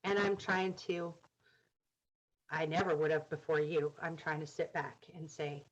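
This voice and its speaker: A woman's voice: deep voice, little pitch movement, measured pace, dull audio. A middle-aged woman telling candid stories in conversation, acting out quoted dialogue with humor. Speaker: guest.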